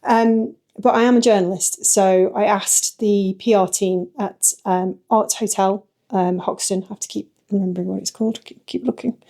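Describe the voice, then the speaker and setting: A woman's voice: mid-range voice, steady tone, normal speed, hardly any pauses, dark tone, no echo. A middle-aged woman, a journalist chatting casually to camera in a vlog, self-deprecating and full of ums. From northern England. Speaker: journalist and vlogger.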